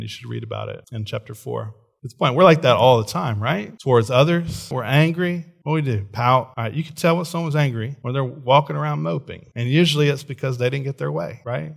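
A middle-aged man preaching a sermon in an animated way, often checking in with "right?" and laughing. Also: medium pitch, vocal fry. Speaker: pastor.

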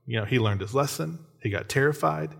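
A man's voice: mid-range voice, lively intonation, brisk, gravelly. Guy in his 30s preaching, chatty sermon style, medium voice, lots of little check-ins with the crowd. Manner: conversational, frequent tag questions. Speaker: pastor.

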